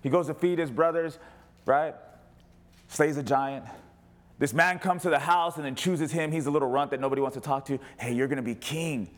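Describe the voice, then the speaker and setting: A man preaching as a pastor, animated, rising to loud cries and dropping to quiet asides. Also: on the high side, normal speed. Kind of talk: sermon.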